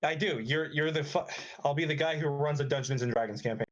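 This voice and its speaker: A man chatting on an online voice call before an improv game, talking in halting restarts and swearing often. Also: on the high side, dull audio. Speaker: improv player. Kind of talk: casual chat on a voice call. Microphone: online voice chat mic.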